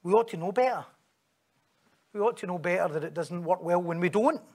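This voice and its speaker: A man's voice: high-pitched, brisk, a little mellow. A man preaching a sermon in a conversational way, acting out quoted voices and asking rhetorical questions.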